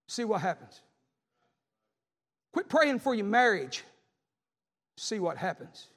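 A man's voice: high voice, animated, normal speed, pauses often. A man preaching a fiery sermon, repeating lines with emphasis. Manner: Southern preacher cadence, repetitive and emphatic, acting out quoted voices. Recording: echoing hall.

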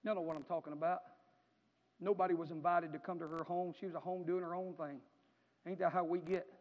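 A man preaching a sermon as pastor, in a folksy storytelling manner that swells into impassioned shouting. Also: high voice, steady tone, brisk. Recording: echoey hall, dull lo-fi sound.

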